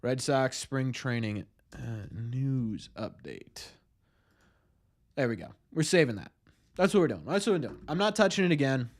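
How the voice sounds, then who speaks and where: Excitable ranting livestream host, man. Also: medium pitch, normal speed. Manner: excitable, ranting, greets chat by name. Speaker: live stream host. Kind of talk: casual live stream chat.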